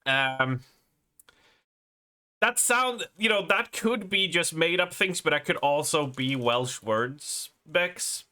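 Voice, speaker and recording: A man in his thirties talks loosely to his stream chat, wandering from thought to thought and breaking into laughs. His voice sits a little high and comes across bright and forward. He sounds like a streamer talking into a desk mic at home. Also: lively intonation, slow. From Sweden. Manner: rambling, laughing, swearing. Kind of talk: casual live-stream chat.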